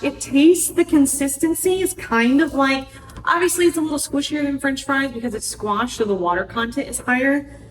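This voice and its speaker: A woman talks through a recipe in her home kitchen with a chatty, earnest manner, mixing in life advice and catching her own slips. Her voice sits fairly high. The sound is roomy and she stands back from the camera, with faint noise in the background. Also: moderate pace. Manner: chatty, earnest, self-correcting. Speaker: wellness podcast host. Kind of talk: casual cooking vlog with life advice. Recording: echoey kitchen, voice from far off.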